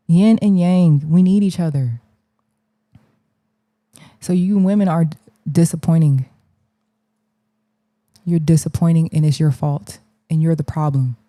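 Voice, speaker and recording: A woman's voice: low voice, warm tone, no room sound, clean studio sound. A woman giving a fiery, preachy livestream monologue, blunt and colloquial, hammering the same challenges again and again. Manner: blunt, colloquial, drops into slang.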